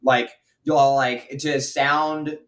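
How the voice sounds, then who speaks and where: A man co-hosting a casual film review podcast, speaking haltingly with many fillers. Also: medium pitch, level tone, a bit bright, distant mic. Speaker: podcast co-host.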